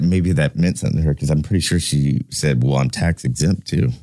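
A man's voice: rumbling low, brisk, hardly any pauses, mellow, dry recording, clean studio sound. A man in his thirties co-hosting a podcast, talking candidly in a casual way, swearing freely and often restarting his sentences. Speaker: podcast co-host.

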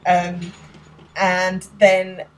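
Low-pitched woman in casual podcast chat. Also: monotone, extremely slow. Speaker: podcast co-host.

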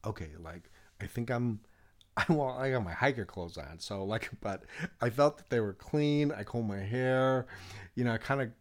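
A man telling a long personal story in a casual chat, rambling with many restarts and fillers, often laughing as he talks. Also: on the low side.

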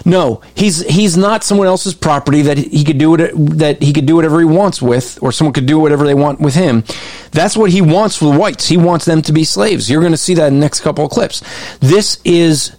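Man, fairly high voice, dry close sound, emphatic commentary that restarts often. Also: a little fast, darkish tone, no echo. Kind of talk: commentary over video clips.

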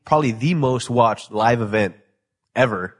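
A man's voice: medium pitch, normal speed. A man co-hosting a podcast, talking in a loose, rambling way with frequent restarts and easy laughs. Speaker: podcast co-host. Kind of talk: casual chat.

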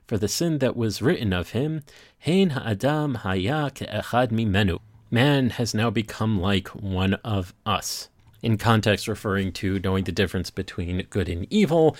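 Rabbi guy doing his podcast, lowish voice, dead dry close mic, reads hebrew then explains it. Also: no echo. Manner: reads Hebrew text then translates line by line. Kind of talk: podcast text study.

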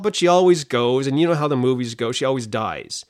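A middle-aged man hosting a Bible study podcast, talking in an animated, chatty way that wanders off on side points. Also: on the high side, a little fast, few pauses. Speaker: podcast host and Bible teacher.

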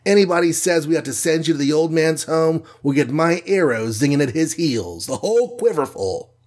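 A man reading aloud and voicing a brash male archer hero who banters loudly. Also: a little high, lively intonation, moderate pace, voice pushed up. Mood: boastful. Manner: loud, boastful banter.

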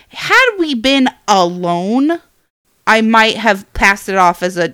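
A woman's voice: medium pitch, lively intonation, slow, a bit bright, clear, resonant tone, no room sound, studio quality. A woman in her thirties, a podcast co-host and parent, telling a story in casual chat and acting out the quotes with animation. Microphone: podcast microphone.

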